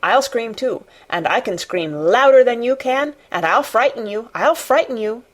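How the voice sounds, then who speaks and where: A woman reading an audiobook voices a fierce, bossy little girl who is furious, stamping, scolding and commanding. Her voice is a little high, husky and animated, and she speaks a little slowly.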